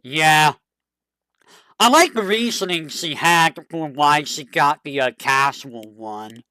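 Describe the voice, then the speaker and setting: A streamer chatting casually to a live audience, rambling and excitable with a fond tone. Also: mid-range voice, takes it slowly, no room sound, studio quality.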